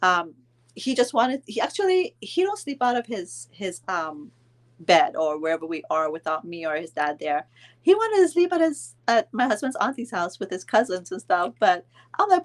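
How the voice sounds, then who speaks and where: A woman in her thirties casually telling a vacation story to her viewers, chatting along with their comments and filling pauses with "um". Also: medium pitch, sing-song. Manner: chatty, answers viewer comments, frequent ums and laughs. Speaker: vlog host telling a story to live viewers.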